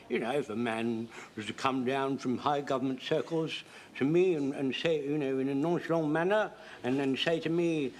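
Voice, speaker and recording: An actor playing an excitable older home guard corporal who rambles and trips over his words, in a 1970s sitcom. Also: mid-range voice, slight background noise, natural voice.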